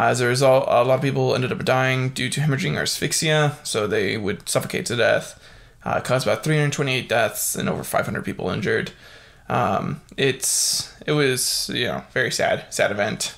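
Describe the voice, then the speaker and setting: A young man with a mid-range, gravelly voice hosts a casual solo podcast, reading facts haltingly with plenty of fillers and bursting into excited exclamations.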